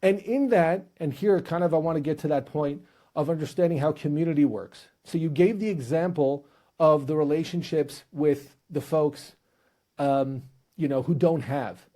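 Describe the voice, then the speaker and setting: Brief: male interview host, high and mellow voice, humorous storytelling. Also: moderate pace. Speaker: podcast host. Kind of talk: casual interview chat.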